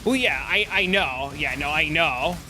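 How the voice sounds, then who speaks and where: A man's voice: on the high side, lively intonation, a little slow, bright, forceful tone, slight background noise. A man streaming live, chatting loosely with viewers and rambling through an anecdote. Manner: rambling storyteller, chats with viewers. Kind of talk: casual live-stream chat.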